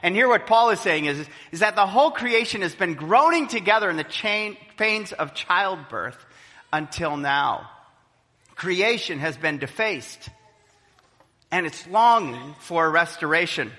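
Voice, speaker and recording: Pastor, male, bright and animated pulpit delivery in a reverberant church hall. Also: sits high, a little slow. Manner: animated preaching, acts out quoted voices. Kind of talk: sermon.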